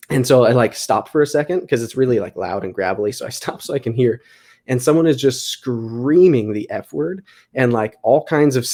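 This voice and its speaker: A man's voice: mid-range voice, a little mellow. A young man hosting a podcast, casually telling a long story full of fillers and laughs. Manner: rambling, filler-heavy, laughing through the story. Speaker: podcast host.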